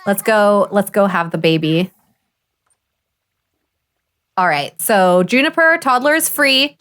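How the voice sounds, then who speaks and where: Excitable woman gushing over a game. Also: medium pitch, slow pace, clean tone. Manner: excitable and gushing, gasps and laughs often. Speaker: streamer. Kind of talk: casual live gameplay commentary.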